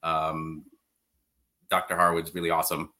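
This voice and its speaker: A man's voice: extremely low pitch, monotone, normal speed, sharp tone. A man in his forties, a guest on a call, chatting in a laid-back way and laughing often. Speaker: guest team manager. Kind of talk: casual chat. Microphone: remote call.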